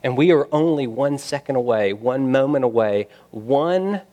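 Male pastor, sermon, mid-pitched voice, emphatic rises, quiet asides. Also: expressive, moderate pace.

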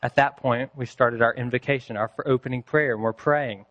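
A man preaching a sermon, telling a story with deliberate pacing and dramatic pauses. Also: mid-range voice, steady tone, dull audio. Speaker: pastor.

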